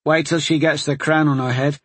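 A man voicing a hearty, teasing woman soldier in a fantasy audiobook, his voice raised and lively. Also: fairly high pitch, brisk, breathy edge, no room sound, voice pushed up. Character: gruff friendly woman soldier.

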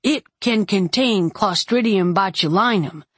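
A woman's voice: medium pitch, unhurried, slightly rough, no echo. A woman voicing a stiff, commanding male mage. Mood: stiff, wooden. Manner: roaring when alarmed, wooden when lecturing.

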